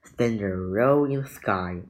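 A man's voice: on the low side, slow, voice pushed down. A man reading aloud and voicing a cautious, easily rattled young boy who grumbles and worries. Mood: worried.

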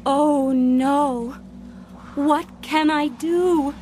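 A woman voicing a brave young woman warrior in a storybook reading, speaking slowly and earnestly. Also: on the high side, a little mellow, a little hiss or hum, pitched above the performer's own voice. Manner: slow, earnest delivery. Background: background music.

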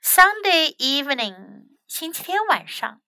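A woman's voice: high voice, sing-song, takes it slowly, no room sound. A woman, a children's English teacher, reading a picture book aloud for children, in both English and Chinese. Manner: gentle, explaining. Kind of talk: bilingual storybook reading for children.

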